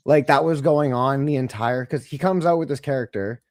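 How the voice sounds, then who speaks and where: A man's voice: medium pitch, moderate pace, no echo, clean studio sound. A man co-hosting a casual podcast chat, rambling and profane with a mocking tone. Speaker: podcast co-host.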